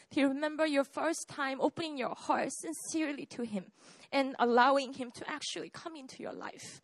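Woman, 30s, preacher, high voice, dry close sound. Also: moderate pace, no room sound. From South Korea. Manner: conversational, often asks "right?" and "okay?". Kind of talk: sermon with personal testimony.

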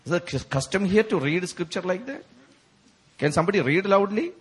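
A man's voice: high-pitched, lively intonation, brisk, breathy edge. A man preaching a sermon in a church, telling his story with emotion, laughs and sudden outbursts. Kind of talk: sermon at a prayer meeting.

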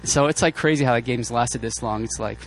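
A man preaching a sermon, telling personal stories in a casual, joking, animated way with many fillers and restarts. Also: mid-range voice, fairly quick, faint music behind.

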